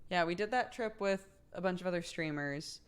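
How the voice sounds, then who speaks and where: A woman's voice: lowish voice, moderate pace, clean tone. A young woman streamer chatting casually late at night with her viewers, laughing often and reading chat aloud.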